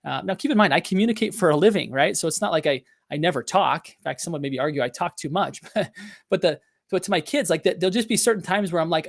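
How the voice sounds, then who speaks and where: A man's voice: fairly high pitch, animated, quick pace, vocal fry. A middle-aged man hosting a business podcast, talking in an earnest, confessional way with many fillers and restarts. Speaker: podcast host. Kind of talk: motivational business talk.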